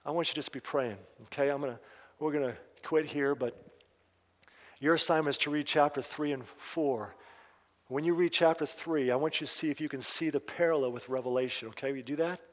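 A man leads a prophecy seminar as a fervent, emphatic preacher who keeps asking his listeners direct questions. His voice sits somewhat high. A long reverb trails each phrase through a large church hall. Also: fairly even intonation, a little fast. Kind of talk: sermon.

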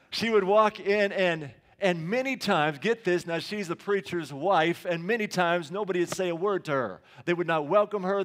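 Speaking in a high voice, a middle-aged male pastor delivers a sermon in the sanctuary. His style is conversational storytelling, with questions aimed at the congregation.

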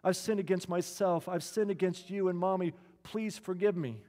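A pleading young woman, remorseful and shaken, keeps repeating her questions, as a male preacher puts her on. The voice rings with a long hall echo, and the pitch sits a little high for a man. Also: normal speed, dark tone, natural voice. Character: distraught young adult daughter, repentant.

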